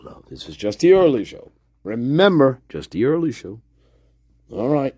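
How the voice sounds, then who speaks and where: A man ranting in casual, profane commentary while reacting to a film, mocking people and swinging between mutters and shouts. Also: on the high side, sing-song, a little slow, pauses often, breathy edge, dry recording, clean studio sound.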